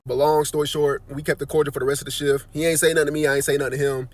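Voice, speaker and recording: Fast-talking high-voiced man telling a story. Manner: animated slangy storyteller, voice jumps up for quoted lines. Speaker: nursing aide on night shift. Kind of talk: casual storytime.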